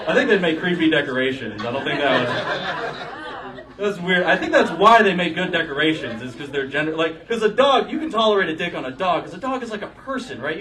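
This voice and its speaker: A man's voice: sits high, far from the mic. A young man doing a rambling, crude stand-up comedy set in a bar, often laughing at his own jokes. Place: bar stage with a live audience.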